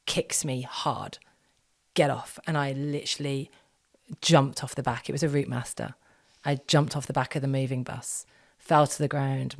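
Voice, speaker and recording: A woman telling a personal story as a podcast guest, lively and quick, acting out the voices of people she quotes. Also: deep voice, creaky. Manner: animated, acts out quoted dialogue in quick bursts. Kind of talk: storytelling in conversation.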